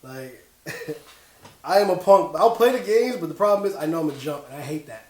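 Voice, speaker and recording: Telling rambling stories with lots of laughter, this excitable podcast co-host keeps the gaming chat casual. He talks at a moderate pace in a fairly high voice, recorded with a roomy sound.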